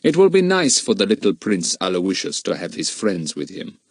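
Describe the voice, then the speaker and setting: A man voicing a polite, commanding foreign man who leads a band of kidnappers, speaking slowly and with measured courtesy. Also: deep voice, very animated, darkish tone, no room sound, studio quality, exaggerated voice. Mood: courteous. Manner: slow, measured, coldly courteous.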